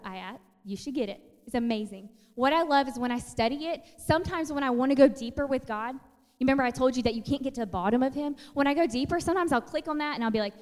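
A woman in her thirties delivers a casual sermon, storytelling in a chatty, animated way. Her voice sits high, and the recording carries a long hall reverb. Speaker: preacher.

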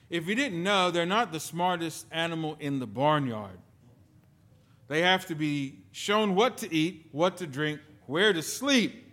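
A man preaching a sermon as pastor, telling stories with sudden swings between loud and soft. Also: fairly high pitch. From lived in the United Kingdom.

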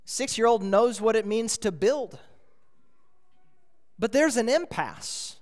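A man with a notably high voice preaches a sermon, pressing his points with repeated rhetorical questions. He speaks slowly and deliberately. His voice rings with the long reverb of a church sanctuary. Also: lively intonation. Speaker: pastor.

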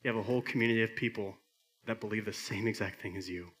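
A middle-aged man preaching a sermon as pastor, earnest, swinging from emphatic peaks to soft quiet lines. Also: on the low side, fairly even intonation, quick pace, slightly rough.

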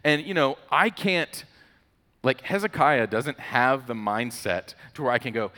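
A man preaching a casual, conversational sermon, relaxed and chatty with storytelling asides. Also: medium pitch, moderate pace. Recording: long hall reverb.

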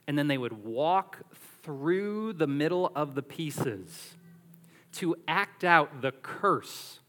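Bright-voiced man preaching emphatically. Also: on the high side, long reverb tail. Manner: animated, emphatic preaching with everyday illustrations. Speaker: pastor. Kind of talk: sermon.

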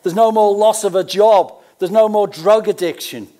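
High-voiced older Australian pastor preaching. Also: male voice, moderate pace, mellow. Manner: conversational, with folksy asides between scripture readings. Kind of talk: sermon.

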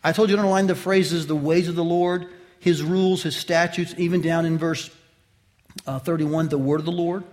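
A man with a fairly high voice preaching an expository sermon. He talks straight to his listeners, asking them questions. His delivery swings from loud to quiet for emphasis. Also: steady tone, moderate pace. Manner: addresses listeners directly with questions. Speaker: pastor.

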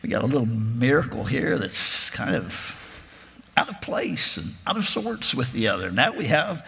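A man's voice: mid-range voice, very animated, normal speed, creaky, fairly bright tone, slightly rough. A man preaching a sermon, retelling a gospel story in a reflective, imaginative way. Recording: long reverb of a large hall.

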